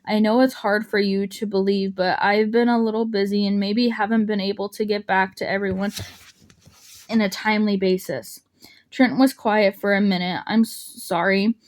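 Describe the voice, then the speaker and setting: A woman's voice: mid-range voice, fairly even intonation, normal speed, a little mellow. A woman narrating an audiobook, voicing the dialogue lightly, with small slips and restarts. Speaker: audiobook reader.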